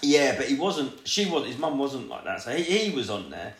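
Male podcaster, crude and rambling, animated delivery, roomy sound. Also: mid-range voice, normal speed. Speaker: podcast co-host. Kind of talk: casual storytelling chat.

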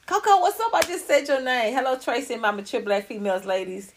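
A woman's voice: high voice, fast, a little hiss or hum. A middle-aged woman hosting a podcast, talking casually to viewers in a blunt, profane and preachy way. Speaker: podcast host. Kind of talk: casual livestream talk to viewers.

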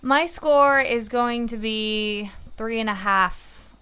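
A woman's voice: a little high, slow, bright, forceful tone, clear, resonant tone. Chatty woman podcast co-host. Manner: laughing, chatty. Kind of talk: casual chat.

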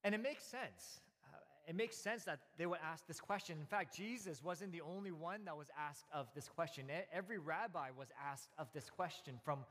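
A man in his thirties preaching a conversational sermon, telling stories in a relaxed way with many fillers and restarts. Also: a little high, moderate pace, big-room sound. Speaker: pastor.

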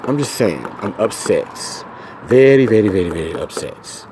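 A man hosting a podcast, ranting angrily and profanely, swinging from low muttering to loud outbursts. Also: lively intonation, normal speed, a little hiss or hum. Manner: profane, venting, swings between muttering and shouting. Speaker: podcast host. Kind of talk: angry solo podcast rant.

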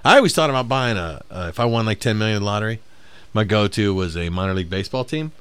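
A man co-hosting a podcast, ranting in an exasperated, animated way with lots of swearing in casual chat. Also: on the low side, quick pace, smooth, no echo.

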